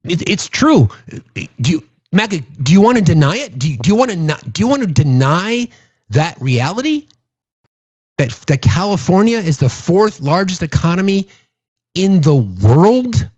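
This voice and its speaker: A man's voice: high voice, sing-song, moderate pace, darkish tone, breathy edge, no echo. Sarcastic, swearing male political ranter. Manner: sarcastic, mocking, profane. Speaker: political commentator. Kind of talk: casual political rant to viewers.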